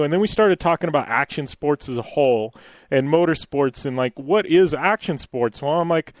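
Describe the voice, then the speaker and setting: A man's voice: fairly high pitch, a little fast, no room sound. An American man hosting a radio show, chatting in a rambling way with frequent laughs and fillers. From United States. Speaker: radio host. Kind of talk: casual radio chat.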